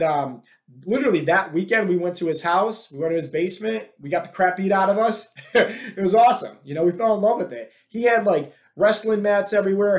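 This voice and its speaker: A man with a fairly high voice tells personal stories in a loose, rambling way, often checking in with "right?". The sound rings with a noticeable echo from the room. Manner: rambling, tags sentences with "right?". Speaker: podcast host. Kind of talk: casual personal storytelling. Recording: echoey room.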